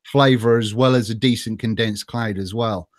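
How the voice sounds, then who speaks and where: A man's voice: fairly low pitch, steady tone, moderate pace, no echo, clean studio sound. A man hosting a casual interview, chatty and rambling with many fillers. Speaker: host.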